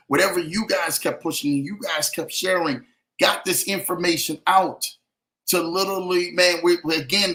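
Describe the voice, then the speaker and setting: A man's voice: high voice, fairly bright tone. A man hosting a motivational podcast, talking emphatically and repeating phrases for effect, with a preachy, keeping-it-real manner. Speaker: podcast host.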